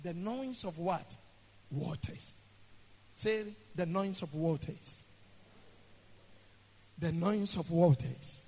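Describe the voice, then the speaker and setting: A man preaching a sermon, swinging between shouts and near whispers and calling on the congregation to repeat after him. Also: high voice, takes it slowly, pauses often. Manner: swings from shouting to hushed, call-and-response with the congregation. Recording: echoey hall.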